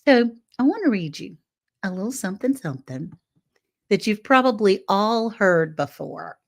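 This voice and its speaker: An older woman hosting a live stream, chatting with viewers by name and reading a short piece aloud. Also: on the low side. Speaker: livestream host. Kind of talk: casual livestream chat and reading aloud.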